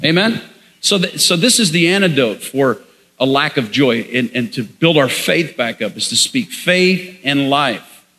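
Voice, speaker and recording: A man's voice: medium pitch, animated, measured pace, sharp tone, in a large hall. A man preaching a sermon as pastor, leading the congregation in call-and-response.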